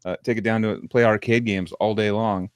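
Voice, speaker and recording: A man's voice: lowish voice, steady tone, fast talker, clear, resonant tone, no room sound. Laid-back man with a dry voice. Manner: loose, profane, laughs often. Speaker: podcast co-host. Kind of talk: casual chat.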